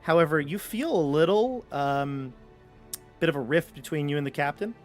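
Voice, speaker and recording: A man's voice: fairly high pitch, normal speed, soft background music. A man running a tabletop game as game master, narrating in a loose, conversational way with frequent fillers and restarts.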